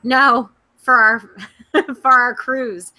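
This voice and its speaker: Bright, animated young woman chatting. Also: fairly high pitch, extremely slow. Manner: animated, laughing storyteller. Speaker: podcast co-host. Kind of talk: casual chat.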